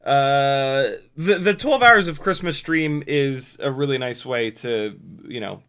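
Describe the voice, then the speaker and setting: A man's voice: mid-range voice, slow, fairly bright tone, smooth. A man reading out chat on a casual live stream from his home workshop, rambling with self-mocking asides and frequent restarts.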